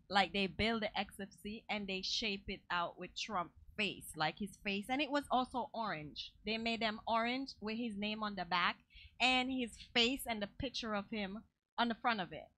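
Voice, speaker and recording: A woman's voice: mid-range voice, measured pace, pushed and bright, dry recording. A woman from Jamaica co-hosting a talk show, chatting casually and laughing often. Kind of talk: casual chat.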